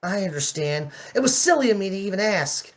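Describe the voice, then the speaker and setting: A woman's voice: medium pitch, lively intonation, brisk, natural voice. A woman voicing Chris, a shy and affectionate young man, in an amateur fan drama. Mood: earnest.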